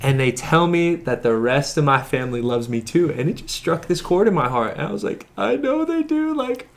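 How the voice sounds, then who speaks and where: A young man, a podcast guest, telling a personal story in casual chat, animated and often laughing. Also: mid-range voice, a little fast.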